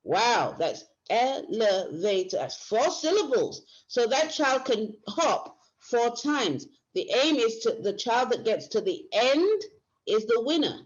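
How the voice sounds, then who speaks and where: Slow-paced and very animated, a woman with a slightly high voice teaches a workshop lecture. She goes step by step, often restarting phrases, and the recording sounds dull and lo-fi.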